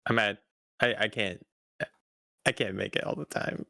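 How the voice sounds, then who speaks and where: A young man chatting casually on a stream, easygoing and quick to laugh. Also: on the low side, gravelly, bright, forceful tone, no echo. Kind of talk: casual chat.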